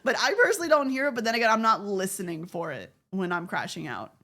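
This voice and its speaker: A woman's voice: medium pitch, lively intonation, fast, pushed and bright. A woman from the Southern United States, speaking with a general American accent, chats casually and profanely with her viewers on a live stream, laughing often. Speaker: VTuber streamer.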